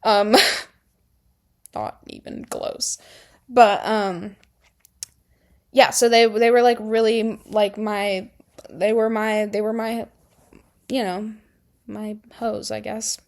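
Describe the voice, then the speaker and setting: A young woman telling a high school story to camera in a rambling, sarcastic way, full of "like" and laughing often. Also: level tone, slow, creaky, long pauses, a little mellow. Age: young adult. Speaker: vlogger. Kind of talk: casual storytime chat.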